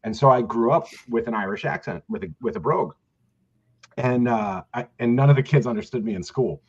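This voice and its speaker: A man's voice: mid-range voice, a little fast, breathy edge. Podcast host guy, blunt and jokey, swears a lot, kinda muffled lo-fi sound. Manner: joking, blunt, swears freely. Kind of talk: casual chat.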